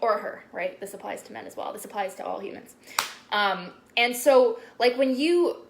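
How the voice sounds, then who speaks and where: A woman's voice: mid-range voice, moderate pace, vocal fry, background noise. A young woman spiritual coach talking casually on a live stream, chatty and full of "like"s and swearing. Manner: chatty, swears often, many "like"s.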